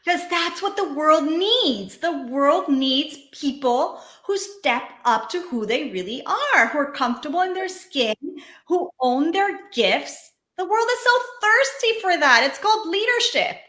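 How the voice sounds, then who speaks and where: A woman's voice: sits high, expressive, unhurried, bright, forceful tone. A woman hosting a podcast interview, talking in an emphatic, encouraging way. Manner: emphatic, encouraging, preachy asides. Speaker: podcast host and money coach. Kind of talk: casual interview chat. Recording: echoey room.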